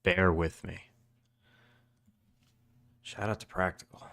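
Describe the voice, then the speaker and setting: A young man talks with viewers on a live stream right after waking up. His voice sits very low and gravelly with morning fry, and he keeps it drowsy, relaxed and chatty. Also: slow. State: just woken up, morning voice. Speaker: game developer streamer. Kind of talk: casual live-stream chat.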